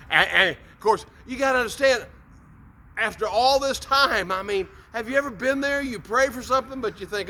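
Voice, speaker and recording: Upbeat male preacher, folksy devotional host, high and bright. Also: moderate pace, a little hiss or hum. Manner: upbeat, folksy, repeats words. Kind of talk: short devotional talk.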